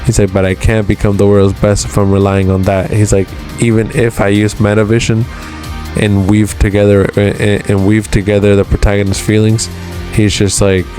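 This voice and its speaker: A man's voice: on the low side, flat delivery, moderate pace, warm tone, soft background music. A man hosting a casual manga review, retelling a chapter's dialogue with constant "he's like" tags.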